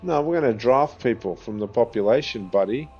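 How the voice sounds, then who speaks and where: This Australian gaming video creator speaks a little fast in an expressive, medium-pitched, darkish voice. His gameplay commentary is casual and chatty, with frequent laughter and free swearing. Faint game music plays under slightly dull audio.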